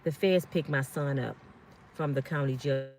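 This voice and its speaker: A woman's voice: a bass voice, moderate pace, a little mellow, a little hiss or hum. A middle-aged woman telling a personal story to her live-stream viewers in an earnest, pleading way, often repeating herself. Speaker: vlog host.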